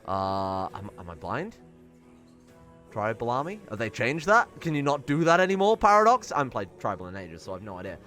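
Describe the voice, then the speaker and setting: A young man commenting on his strategy game, excitable and sweary, muttering to himself as he plays. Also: medium pitch, brisk, soft background music. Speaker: gaming channel host. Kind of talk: let's play commentary.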